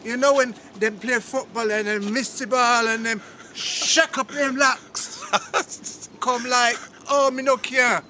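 A man putting on a boastful, carefree footballer with a loud, drawling patois. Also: extremely high pitch, fairly even intonation, slow pace, a little hiss or hum, full character voice.

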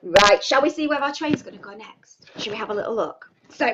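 A woman running a live online baby sign class, talking to toddlers in an animated, sing-song way. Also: on the high side, a little fast, highs cut off, background noise.

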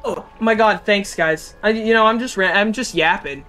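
Bright-voiced man with a cold doing excitable, profane game commentary to chat. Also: high-pitched, moderate pace, faint music behind. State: has a cold. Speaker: streamer. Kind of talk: casual gameplay commentary.

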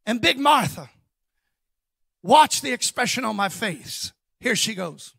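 A man preaching a sermon as a guest preacher, telling stories emphatically with bursts of shouting and quick asides. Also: extremely high pitch, very animated, gravelly, husky, no room sound, clean studio sound.

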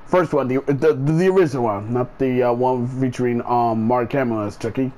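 With a medium-pitched, darkish voice at a moderate pace, a man rants in his casual sports vlog. He curses constantly, goes over the same points again and again, and sounds disbelieving; the recording is rough.

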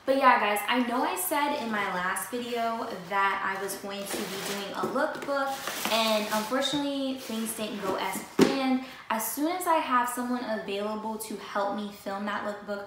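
Young woman vlogger, kinda high voice, super chatty, talking right to her viewers, really echoey room. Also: moderate pace. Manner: chatty, animated, talks straight to viewers. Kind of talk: casual sneaker haul chat. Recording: echoey room with faint noise.

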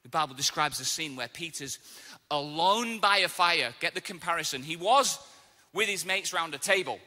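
A man preaching a sermon as pastor, telling stories with casual asides and lively acted quotes. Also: a little high, moderate pace, big-room sound. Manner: animated storytelling, casual asides. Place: church auditorium.

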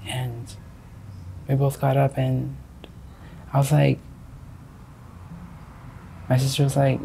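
Gravelly young man, rambling and repetitive. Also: mid-range voice, completely flat delivery, takes it slowly, pauses often, mellow, slight background noise, poor audio. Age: 20s. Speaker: interviewee. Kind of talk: street interview. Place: outdoors on a city street.

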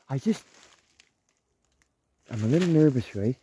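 A man in his thirties vlogging while hiking through the woods, excitable and swearing freely, talking to his dog as he goes. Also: a little high, moderate pace, slight background noise. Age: 30s. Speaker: outdoors vlogger. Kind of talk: casual walking vlog. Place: outdoors in woods.

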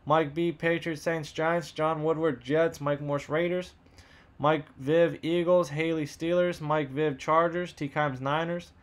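Hosting a live card box break, a man with a rather high voice rattles through buyer names and teams in fast, cheerful banter even as he's losing his voice.

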